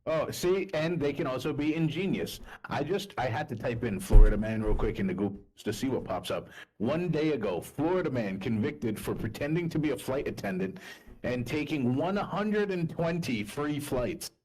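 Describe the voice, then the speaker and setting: A man co-hosting a casual podcast, talking in an animated way, swearing freely and laughing often. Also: mid-range voice, normal speed, low-quality recording. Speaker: podcast co-host. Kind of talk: casual banter.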